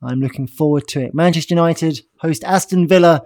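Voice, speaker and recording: A man's voice: fairly high pitch, a little fast, hardly any pauses, darkish tone. A man co-hosting a football podcast, cheeky and teasing in casual chat. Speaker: podcast co-host.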